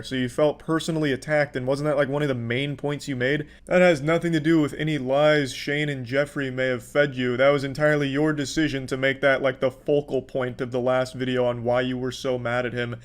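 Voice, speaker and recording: A man's voice: mid-range voice, fairly even intonation, a little fast, few pauses. A man in his thirties hosting a commentary video, ranting in an exasperated, profane way. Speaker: commentary host. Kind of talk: reaction commentary.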